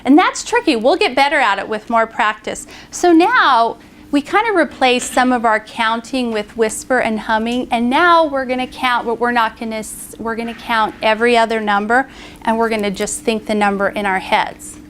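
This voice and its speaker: A woman's voice: on the high side, moderate pace, a bit bright, slight background noise. A woman teacher demonstrating a classroom lesson to other teachers, leading a group through counting aloud in a training room. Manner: leads group counting aloud with hand signals.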